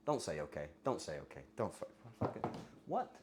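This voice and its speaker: Lively, crude livestreamer chatting with viewers. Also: low-pitched, fairly quick, noisy background. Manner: crude, joking, bursts into yelling. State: voice getting hoarse. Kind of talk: casual livestream chat with viewers.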